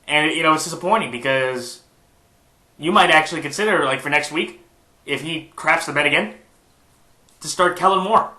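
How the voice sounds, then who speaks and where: A man's voice: a little high, moderate pace, pauses often, pushed and bright, roomy sound. A man with a stuffed-up nose giving his weekly football picks in a casual, rambling monologue full of fillers and restarts. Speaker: sports picks YouTuber. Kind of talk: casual sports prediction monologue.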